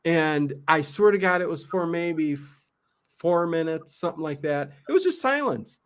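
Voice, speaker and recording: A male host in casual conversation, spinning a story with enthusiasm. His voice sits somewhat high for a man. He talks loosely, with fillers and quick self-corrections. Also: smooth. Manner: animated storyteller, many fillers and restarts. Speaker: podcast host. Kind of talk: casual chat.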